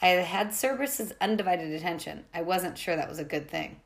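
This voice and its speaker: A woman's voice: fairly low pitch, a little fast, vocal fry. A woman reading a novel aloud in a plain way, with small slips and restarts. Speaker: reader.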